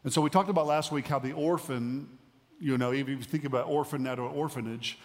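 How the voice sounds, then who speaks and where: A pastor delivers a sermon in a medium-pitched male voice, speaking conversationally with pauses and emphatic rises. Long hall reverb surrounds the recording.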